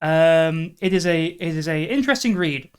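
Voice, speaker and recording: A woman's voice: sits low, animated, normal speed, smooth. British streamer lady, rambly, laughs at herself a lot, chatting live. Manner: self-deprecating, rambling, laughs often. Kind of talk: casual live-stream chat and reading.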